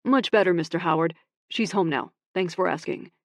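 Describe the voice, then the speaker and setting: A woman narrator voicing a blunt, possessive young man with loud, clipped delivery. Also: fairly low pitch, normal speed, no room sound, studio quality, lightly acted. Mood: heated.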